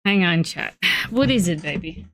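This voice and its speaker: A woman's voice: mid-range voice, lively intonation, normal speed, a bit bright. A woman, streaming casually from home into a desk mic, muttering and swearing to herself and cooing baby talk to her pet. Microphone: desk microphone.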